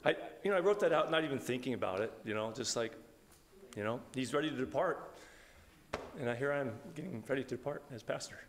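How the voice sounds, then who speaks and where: Male pastor, conversational Bible study lecturer, mid-pitched voice, long reverb from a church hall. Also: lively intonation, fast talker. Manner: conversational, with frequent restarts.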